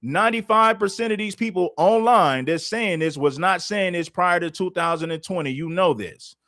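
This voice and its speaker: A man holds forth on his livestream, hammering the same point over and over. His voice sits high for a man, and the sound is dry and close. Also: normal speed, a bit bright, no room sound. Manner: confrontational, repetitive, challenging. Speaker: livestream host. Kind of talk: heated livestream commentary.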